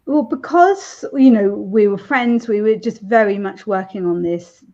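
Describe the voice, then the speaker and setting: A woman author chatting in an interview, laughing often and filling pauses with ums. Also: mid-range voice, dark tone. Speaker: romance author, interview guest. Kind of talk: casual interview chat. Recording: dull lo-fi sound.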